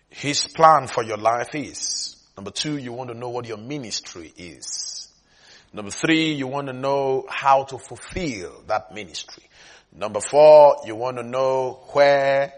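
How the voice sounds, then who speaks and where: A man's voice: medium pitch, a bit bright. A man preaching a sermon at a Bible school, emphatic, repeating phrases and often asking whether the listeners follow.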